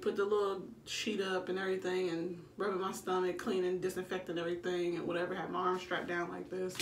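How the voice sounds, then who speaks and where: A bright, forceful woman in her own casual storytelling, animated and profane, acting out what she said back then. She is recorded in an echoey room, a bit away from the camera mic. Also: mid-range voice, recorded from a distance, slight background noise. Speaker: vlogger telling her birth story.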